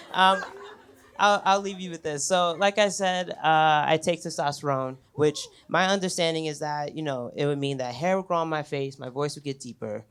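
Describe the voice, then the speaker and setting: A man's voice: a little high, normal speed, fairly bright tone. Chuckling young man doing stand-up. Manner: conversational, chuckles between lines, swears freely. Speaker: stand-up comedian. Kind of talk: stand-up storytelling set. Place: comedy club on stage. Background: audience laughter.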